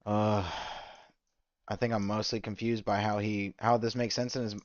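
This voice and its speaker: A man's voice: fairly low pitch, flat delivery, normal speed, no echo, highs cut off. A man giving profane, exasperated reaction commentary while playing a game. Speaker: streamer reacting to a video.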